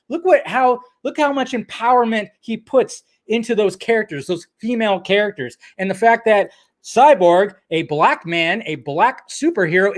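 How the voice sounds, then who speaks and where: Excitable, swearing man ranting on a live stream. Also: high-pitched, normal speed. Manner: excitable, swears often, laughs at himself.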